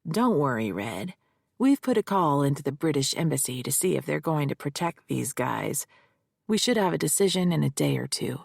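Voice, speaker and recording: A woman's voice: low-pitched, big pitch swings, moderate pace, creaky, darkish tone, husky, no room sound, studio quality, voice pushed down, heavily acted. A woman narrating an audiobook voices a blunt male investigator in clipped, terse lines.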